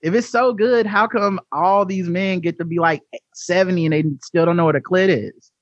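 Male podcast host, higher voice, riffing comic style, muffled dry recording. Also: fairly even intonation, normal speed, dry recording. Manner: riffing, mimics voices, swears freely. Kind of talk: casual comedic chat.

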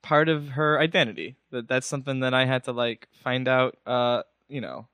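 A man's voice: medium pitch, fairly even intonation, normal speed, pushed and bright, smooth, dry recording. A man hosting a call-in show, reassuring a caller in a playful, encouraging way. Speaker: host. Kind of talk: casual call-in chat.

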